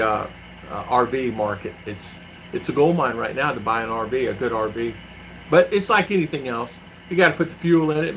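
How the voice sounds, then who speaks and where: A man's voice: medium pitch, fairly bright tone, a little hiss or hum, low-quality recording. A middle-aged man hosting a live stream from home, telling rambling stories and answering viewers by name. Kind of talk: casual live-stream chat. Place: home in the Philippines.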